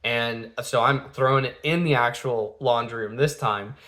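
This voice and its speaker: A man's voice: mid-range voice, normal speed, sharp tone. A man in his thirties, a father telling a family story in a casual, rambling way, full of fillers and restarts, acting out the quotes.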